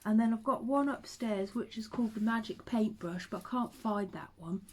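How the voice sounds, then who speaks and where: A woman talks casually to her camera, her voice sitting a little on the high side. She tells stories in a chatty, reminiscing way. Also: normal speed, darkish tone. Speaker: vlogger.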